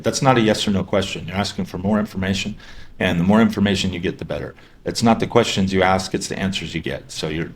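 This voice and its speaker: Male sales trainer, low register, casual lecture delivery with restarts. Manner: conversational, many fillers and restarts; acts out sample questions in a lighter voice. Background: dogs barking.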